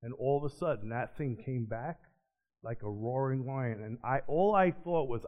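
Man sharing his faith story, earnest, animated then hushed, muffled lo-fi recording. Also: medium pitch, a little slow. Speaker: ministry speaker. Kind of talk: personal testimony. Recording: dull lo-fi recording.

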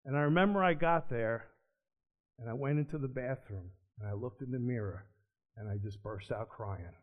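A man giving a personal testimony, telling his story earnestly and swinging between animated and hushed. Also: mid-range voice, moderate pace. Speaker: ministry speaker. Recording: dull lo-fi recording.

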